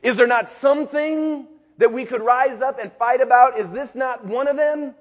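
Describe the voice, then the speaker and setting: A man's voice: very high-pitched, moderate pace, dull audio, voice pushed up. A man voicing a bold, defiant teenage shepherd boy who fires off ringing questions, with long hall reverb.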